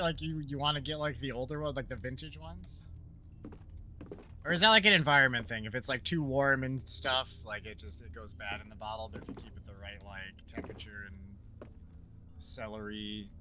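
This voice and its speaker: A man casually commenting while playing a horror game, rambling and joking as he thinks out loud. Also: medium pitch, moderate pace, a little hiss or hum. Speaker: let's play streamer.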